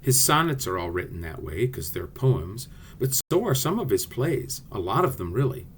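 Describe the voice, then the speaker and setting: Lively male theatre teacher. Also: medium pitch, moderate pace, slight background noise. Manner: friendly, explanatory, addresses students directly. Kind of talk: class video lesson.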